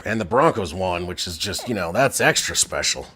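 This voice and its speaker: A man live-streaming play-by-play commentary while reading chat, a little drunk and with a strained throat, swinging from low mumbles to loud shouts. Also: expressive, normal speed, a little hiss or hum. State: tipsy, drinking. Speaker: livestream sports commentator.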